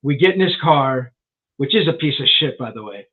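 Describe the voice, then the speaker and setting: A man's voice: medium pitch, lively intonation, normal speed. A man in his sixties, a rock journalist and author, telling a story as a guest in a casual interview, rambling with lots of "you know" and restarts. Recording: tinny phone-like line.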